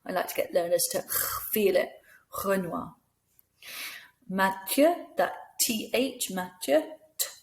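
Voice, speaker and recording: A woman's voice: mid-range voice, normal speed, few pauses. A middle-aged woman teaches language in a patient, encouraging way, spelling out sounds carefully. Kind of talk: slow, clear classroom instruction.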